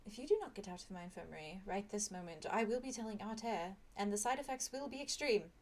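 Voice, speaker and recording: A woman's voice: a little high, animated, moderate pace. A woman voicing a stern, hoofed female school nurse in a tabletop game, with a clipped, scolding manner.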